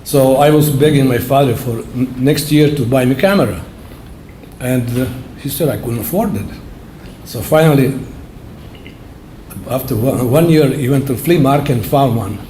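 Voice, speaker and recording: A man in his seventies giving an award acceptance speech, telling his story in plain, halting words with simple phrasing. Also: medium pitch, warm tone, a little hiss or hum. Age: 70s. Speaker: award honoree. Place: awards banquet hall. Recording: roomy hall echo.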